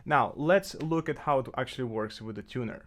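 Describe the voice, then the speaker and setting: Medium in pitch and a little fast, this man's voice leads a casual clarinet tutorial from his apartment. He speaks relaxedly, correcting himself often and using many fillers.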